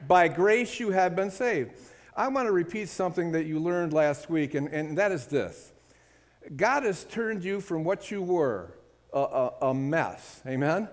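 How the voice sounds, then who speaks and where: A man's voice: fairly high pitch, expressive, a little slow. A man preaching a sermon, speaking emphatically and calling for amen from the congregation. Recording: hall with long reverb.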